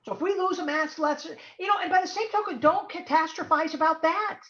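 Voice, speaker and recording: A woman's voice: extremely high pitch, brisk, a bit bright, reverberant, dull audio. A woman speaking as a guest in an online talk, giving emphatic and encouraging advice over a video call. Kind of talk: webinar talk.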